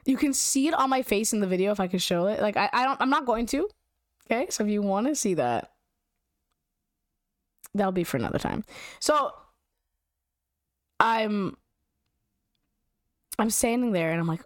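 A young woman with a fairly high voice tells a story in a casual, animated way, slangy and full of "like". Her voice sits close and dry, with no room sound around it. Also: moderate pace, pauses often, no echo. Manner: animated, giggly, slangy, lots of "like".

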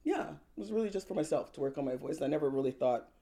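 A woman singer-songwriter telling her story in an interview, lively and laughing often as she acts out what people said. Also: low-pitched, fast talker. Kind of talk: animated personal storytelling.

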